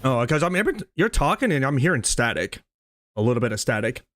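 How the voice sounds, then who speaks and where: A man's voice: medium pitch, very animated, fast, a bit bright. Male streamer, casual voice-chat banter, rambling, restarts mid-sentence, grumbles. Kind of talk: casual chat while gaming.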